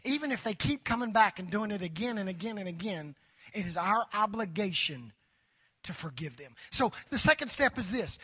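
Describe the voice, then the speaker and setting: A male pastor preaching to a big church crowd, his voice pitched high and ringing bright. He keeps prompting the people in the pews to talk back. His voice is wearing thin from preaching. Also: animated, fast talker, breathy edge. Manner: preaching with call-and-response prompts to the congregation. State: voice tiring, near hoarse. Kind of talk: sermon. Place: church sanctuary before a large crowd.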